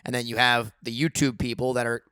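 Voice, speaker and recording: A man's voice: medium pitch, flat delivery, sharp tone, clean tone, dry recording, studio quality. A man co-hosting a podcast, telling stories in a loose, profane, joking way. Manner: loose, profane storytelling with quick jokes. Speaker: podcast co-host. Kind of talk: casual podcast banter. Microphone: studio dynamic microphone.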